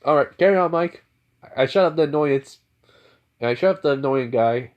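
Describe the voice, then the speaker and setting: A man's voice: fairly high pitch, moderate pace, muffled recording, pitched above the performer's own voice, natural voice. A man voicing a cocky, sarcastic young male hero who talks with nonchalant swagger and mutters asides.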